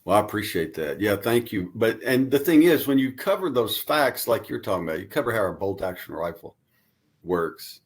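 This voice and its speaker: Low-voiced man giving earnest answers. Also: big pitch swings, moderate pace. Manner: earnest, talks in long explanatory runs. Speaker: guest commentator. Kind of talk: casual radio interview.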